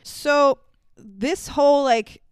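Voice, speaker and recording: A woman co-hosting a casual podcast, recapping a movie in an animated way, swearing freely and acting out lines. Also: sits high, very slow, dry recording. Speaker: podcast co-host.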